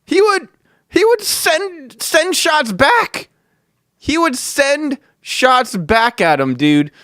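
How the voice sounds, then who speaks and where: Excitable man telling a story, dry sound. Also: extremely high pitch, takes it slowly, dry recording. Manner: excitable, swears, keeps saying "dude". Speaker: podcast host. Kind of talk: casual storytelling.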